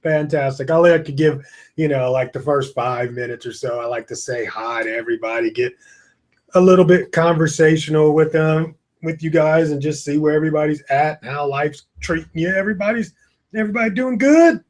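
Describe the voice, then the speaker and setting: A man's voice: fairly high pitch, brisk. A man hosting a live online session, chatting casually and rambling, tired and yawning, talking into a webcam. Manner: chatty, rambling, greets viewers by name. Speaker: online course host. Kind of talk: casual live webinar talk. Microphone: webcam with screen beside it.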